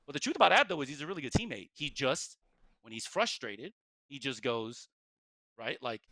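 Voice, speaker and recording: A man's voice: mid-range voice, lively intonation, moderate pace, bright, forceful tone, no room sound. A man talking bluntly and directly on a casual podcast, explaining himself with emphasis.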